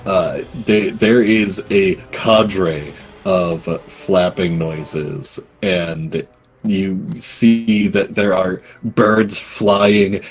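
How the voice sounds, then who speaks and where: Low-voiced, unhurried male game master. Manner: casual, halting with many fillers. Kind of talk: narrating a tabletop game.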